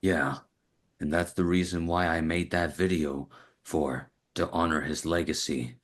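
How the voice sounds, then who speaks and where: A man hosting an interview, asking questions in an earnest, halting way with restarts. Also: low voice, steady tone. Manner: earnest, halting, repeats words. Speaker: interview host. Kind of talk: casual interview.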